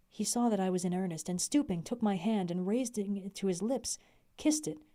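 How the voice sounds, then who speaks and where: A young adult woman reading a classic novel aloud on a livestream, with an expressive delivery. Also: medium pitch, normal speed. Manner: expressive reading, laughs in chat breaks.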